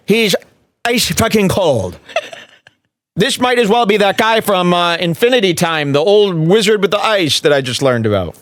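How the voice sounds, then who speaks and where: A man hosting a comedy podcast, mocking a stand-up clip with sarcastic commentary and sudden loud impressions. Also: high voice, lively intonation, normal speed, no room sound. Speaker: podcast host.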